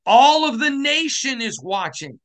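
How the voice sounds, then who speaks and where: A middle-aged man from Michigan hosting a sports podcast, giving a passionate, emphatic monologue that climbs to shouting. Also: very high voice, very animated, unhurried. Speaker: podcast host.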